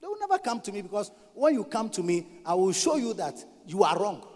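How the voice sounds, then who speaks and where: High-voiced preacher in a hall. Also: male voice, big pitch swings, a little fast. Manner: emphatic, swinging from loud bursts to quiet asides. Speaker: pastor. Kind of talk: sermon.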